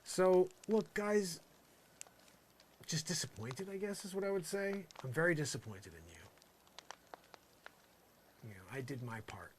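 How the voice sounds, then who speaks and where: A man delivering an improvised comic monologue in a rambling, mock-earnest way, full of "you know" fillers, swinging between loud outbursts and muttered asides. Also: a little high, big pitch swings, unhurried, pauses often, a little hiss or hum. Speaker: comedy vlogger.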